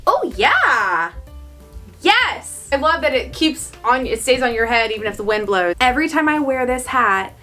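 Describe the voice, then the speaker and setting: A young woman, chatting excitedly to camera in a lifestyle vlog, full of gasps and exclamations. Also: a little high, fairly quick, hardly any pauses, faint music behind. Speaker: lifestyle vlogger. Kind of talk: casual chat to camera. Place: home, also outdoors.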